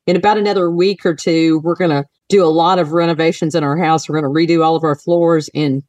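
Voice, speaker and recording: A woman co-hosting a podcast, chatting casually, laughing often and with animated asides. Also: deep voice, quick pace, no echo, distant mic. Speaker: podcast co-host. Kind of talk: casual chat.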